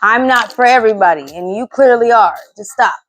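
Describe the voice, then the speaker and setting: A woman's voice: on the high side, a little fast, fairly bright tone, no room sound. Blunt, profane woman in her thirties. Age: 30s. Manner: blunt, profane, exasperated ranting. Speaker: podcast host. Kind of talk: solo podcast rant.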